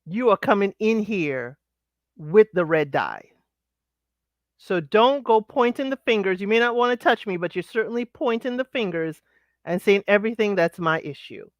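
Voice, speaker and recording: A woman's voice: medium pitch, animated, moderate pace, no echo, highs cut off. A woman giving sassy, blunt commentary on a reality show, scolding the people on it. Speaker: panel co-host. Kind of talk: casual commentary chat.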